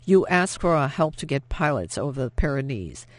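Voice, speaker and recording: A man voicing a rough smuggler who talks low, slow and threatening. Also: big pitch swings, no room sound, lightly acted. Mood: menacing.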